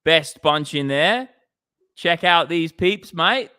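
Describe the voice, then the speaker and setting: A chirpy Australian lady with a bouncy, raised pitch, as a man puts her on. She drawls slowly and brightly, loud and cheerful. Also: animated, clean tone, exaggerated voice. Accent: put-on Australian. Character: woman playing an Australian lady trader, chirpy.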